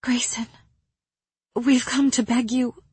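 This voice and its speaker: A woman's voice: on the high side, flat delivery, takes it slowly, a little mellow, slightly rough, dry recording, voice pushed up, heavily acted. A woman voicing a pleading, frightened young woman.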